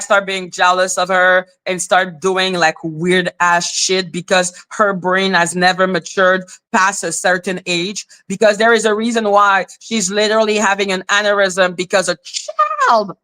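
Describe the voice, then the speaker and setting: A woman hosting a casual live stream, telling a gossip story in an animated, exasperated way and swearing freely. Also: mid-range voice, normal speed, few pauses.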